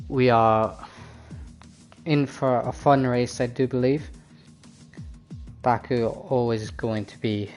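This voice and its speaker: A man's voice: mid-range voice, fairly even intonation, slow pace, pauses often, faint music behind. A man hosting a sim racing league stream on his own, chatting casually with viewers and drivers before the race.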